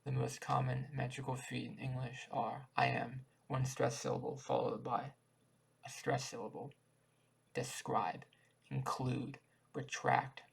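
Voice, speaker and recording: Man, gravelly husky voice, monotone delivery, reading explanatory text with stumbles. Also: mid-range voice, low-quality recording. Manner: halting read-aloud with restarts and stumbles. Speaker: channel host explaining poetry.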